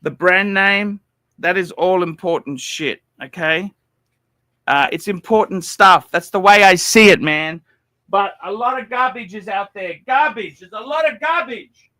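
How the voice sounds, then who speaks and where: Hosting a watch livestream, a man rambles and curses, repeating himself as he swings between loud outbursts and low mumbles. He speaks at a measured pace with no echo.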